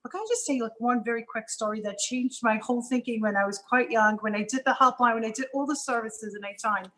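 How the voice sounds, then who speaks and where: A woman talking as a guest on a live panel show, telling a story in an animated way with quick asides. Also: on the high side, poor audio. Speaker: guest entrepreneur.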